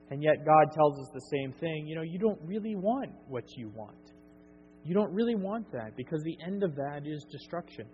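A middle-aged male preacher with a somewhat high voice, delivering an earnest sermon that swells to emphatic peaks and falls back to quiet. His voice rings with long reverb through a dull, lo-fi church recording over a faint hum. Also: expressive, moderate pace, husky. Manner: earnest, builds to emphatic peaks then drops soft. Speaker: pastor. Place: church sanctuary.

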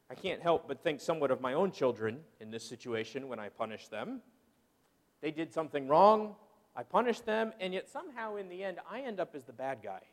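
A middle-aged pastor preaching with a high, lively voice that swings widely in pitch. He acts out people's excuses in quoted voices, and his words ring with the long reverb of a church hall. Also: brisk. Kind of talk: sermon.

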